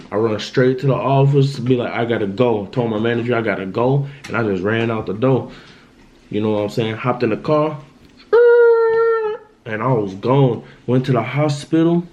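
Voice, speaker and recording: At normal speed, a young man with a mid-range, darkish voice recounts a personal story for his vlog. The casual monologue loops around repetitively, punctuated by "you know what I'm saying." The audio sounds dull.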